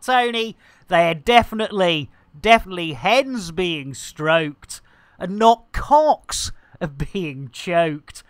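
A man hosts a game livestream with playful, cheeky innuendo. His voice swoops about with bright tone and a slow, unhurried pace. The sound is dry and close. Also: high-pitched, expressive, no room sound. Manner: playful innuendo-laden banter. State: slight frog in the throat. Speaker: game streamer. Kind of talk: livestream commentary.

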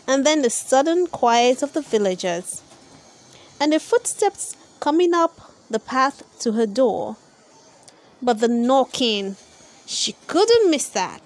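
Slow, expressive woman reading a storybook. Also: high-pitched. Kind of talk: read-aloud storybook narration.

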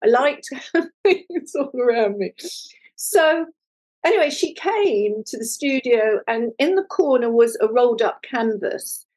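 An older woman, an artist being interviewed, telling a personal story in a lively conversational way and acting out the voices of people she quotes. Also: fairly high pitch, measured pace, low-quality recording. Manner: animated, acts out quoted voices. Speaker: guest, multimedia artist.

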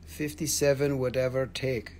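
A man's voice: medium pitch, level tone, normal speed, a little mellow, a little hiss or hum. A man hosting a live stream sale, chatting casually, joking and rambling with plenty of swearing. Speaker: live-stream crystal seller. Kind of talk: casual live sales chat.

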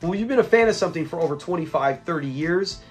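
A man hosting an episode review, retelling scenes in a lively, chuckling, casual way. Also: fairly high pitch, quick pace, soft background music.

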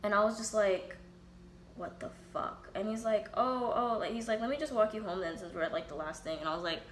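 A woman's voice: mid-range voice, quick pace, a little hiss or hum. A young woman telling a casual, profane storytime, acting out both sides of the dialogue. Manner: candid and profane, quotes herself and others in reenacted dialogue. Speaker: vlogger. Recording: roomy echo, faint ambience.

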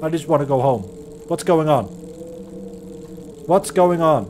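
A man with a notably high voice narrates his horror playthrough at a slow, drawn-out pace. He is jumpy and swears often, breaking into nervous laughter and chatter to his viewers. There is a faint hiss of noise behind him. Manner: jittery, swearing, nervous laughter, talks to himself. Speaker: horror game streamer. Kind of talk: let's play commentary.

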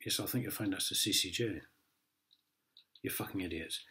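Sweary, sarcastic Englishman with a bright voice. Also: sits low, moderate pace. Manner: reads a letter aloud and rants back at it. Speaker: vlogger. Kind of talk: angry ranting vlog.

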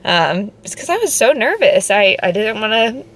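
A woman's voice: medium pitch, big pitch swings, normal speed, fairly bright tone. Teary, relieved young woman vlogging. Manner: emotional, teary and relieved, with laughs. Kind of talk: casual vlog update.

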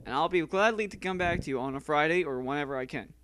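A man's voice: fairly high pitch, fast, fairly bright tone, a little hiss or hum. A man auditioning for voice work at home, goofing around between lines with playful sound effects. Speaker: voice actor auditioning. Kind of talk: casual banter, practicing lines.

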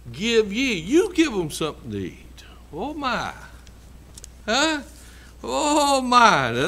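A man's voice: fairly high pitch, fairly bright tone. A man preaching a sermon in a church, folksy and emphatic, repeating his phrases. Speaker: pastor.

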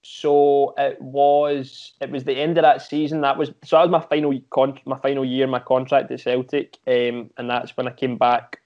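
A young man with a Scottish accent talks through his football days in a relaxed interview. His speech is halting, full of repeated words and fresh starts. The audio sounds slightly muffled, like a remote recording. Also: medium pitch. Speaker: former footballer, podcast guest. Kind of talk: casual interview chat.

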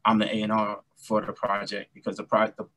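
A middle-aged man from New York City, a guest musician chatting casually and telling animated stories. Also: fairly low pitch, brisk, no room sound. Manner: chatty, storytelling, animated anecdotes. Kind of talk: casual interview chat.

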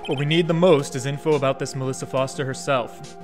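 A man's voice: medium pitch, steady tone, fairly quick, over music. A man streaming a game, joking around and reading the dialogue aloud in a rambling, casual way. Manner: jokey, rambling, reads game text aloud. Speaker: let's play streamer.

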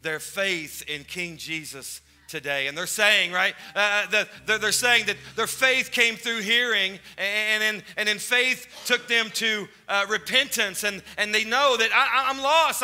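A man's voice: high voice, a little slow, sharp tone, soft background music. A man preaching as pastor to a congregation. He is fervent and urgent, and he repeats his phrases as he urges people forward. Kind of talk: sermon with altar call. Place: church sanctuary before a congregation.

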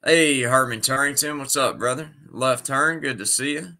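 A man's voice: medium pitch, normal speed, sharp tone. A sick man hosting a casual livestream, greeting his viewers one by one by name. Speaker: livestream host.

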